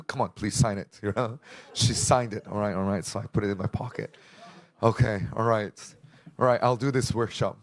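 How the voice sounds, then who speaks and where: A young man giving a personal testimony to a church congregation, telling his story with emotion and acting out the dialogue. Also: lowish voice.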